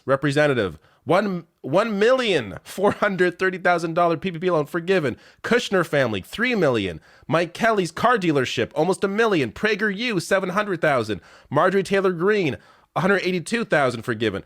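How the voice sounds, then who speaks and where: A man's voice: on the high side, fairly bright tone, no room sound, clean studio sound. A man giving blunt, profane online political commentary, rattling off lists with rising, incredulous emphasis.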